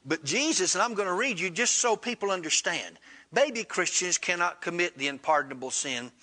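A man's voice: animated, a little fast, sharp tone. A man preaching a sermon, retelling a story in plain, folksy speech and acting out both sides of the dialogue. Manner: retells dialogue with rising pitch, Southern colloquial grammar.

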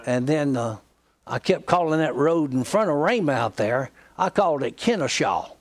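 Folksy Southern pastor, lively high voice. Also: male voice, normal speed. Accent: Southern American. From Georgia, USA. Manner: folksy storytelling with humor. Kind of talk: sermon.

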